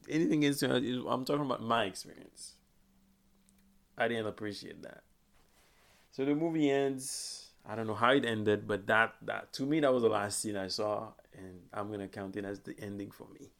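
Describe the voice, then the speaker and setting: A man's voice: medium pitch, gravelly. A young man hosting a podcast, talking in a rambling, casual way with frequent laughs and restarts. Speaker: podcast host. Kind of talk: casual chat.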